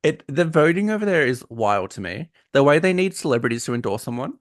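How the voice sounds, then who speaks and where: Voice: medium pitch, sing-song, brisk, dry recording, clean studio sound. Cheeky Australian podcast co-host. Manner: cheeky and sarcastic. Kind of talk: casual chat.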